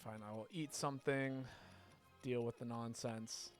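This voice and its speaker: A man talks casually to viewers while he plays. His voice sits at an ordinary middle pitch, he drifts between thoughts, and he lets out loud, cursing reactions. Quiet game music plays underneath. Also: fairly even intonation, measured pace. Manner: chatty and rambling, swears, reacts loudly to surprises. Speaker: streamer playing a video game. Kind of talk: casual livestream commentary.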